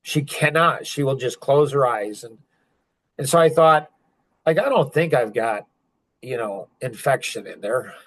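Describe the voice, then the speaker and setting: A man's voice: mid-range voice, expressive, unhurried, fairly bright tone. A middle-aged man speaking intensely in an emotional podcast conversation, rising to angry outbursts. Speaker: podcast guest sharing his story.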